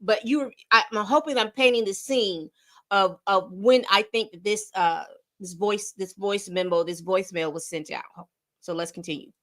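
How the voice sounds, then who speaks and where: A woman's voice: medium pitch, moderate pace, a bit bright. A woman hosting an entertainment commentary show, chatting casually and speaking straight to her viewers. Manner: chatty, addresses viewers directly.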